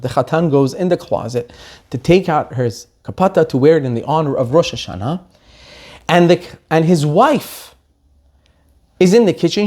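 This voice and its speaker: Animated male rabbi telling a story. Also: on the high side. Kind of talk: sermon storytelling.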